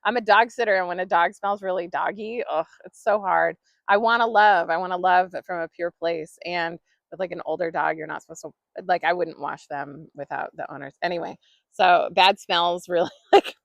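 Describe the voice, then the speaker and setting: A woman's voice: on the low side, vocal fry, a bit bright, no room sound. A woman hosting her own podcast, talking casually and rambling with lots of fillers. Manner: chatty, rambling, many fillers and laughs. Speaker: podcast host. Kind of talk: casual solo podcast monologue.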